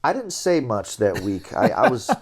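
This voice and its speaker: A middle-aged man settles into a sit-down interview and tells long anecdotes about his years as a musician. His voice sits at an average pitch, and he gets animated as the stories build, chuckling along the way. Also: normal speed, slightly rough. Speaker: interview guest, jazz trombonist. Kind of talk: relaxed storytelling.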